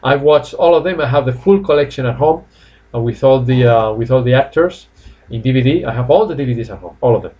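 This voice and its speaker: A man's voice: medium pitch, animated, highs cut off. Chatty man teaching an English class. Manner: chatty, repeats each phrase slowly. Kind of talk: live online class. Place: home.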